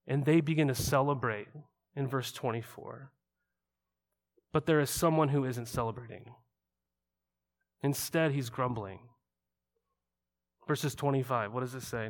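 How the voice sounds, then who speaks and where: In a large hall, a pastor whose voice sits on the high side delivers a conversational sermon, frequently throwing rhetorical questions at the congregation.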